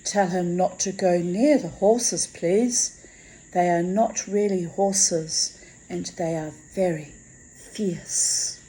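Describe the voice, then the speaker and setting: Death appears as a young girl with a low, sweet voice, voiced by a woman reading aloud. She is earnest and quick to apologise. The storybook delivery is slow and mellow. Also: rough recording.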